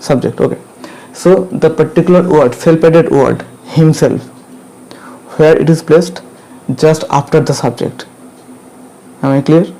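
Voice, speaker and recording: A man with an Indian English accent explains grammar at a very slow, deliberate pace, going over each point several times. His voice sits a little high but sounds mellow and dark. He keeps checking in with his students. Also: poor audio. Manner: repetitive, drills points, checks with "clear?".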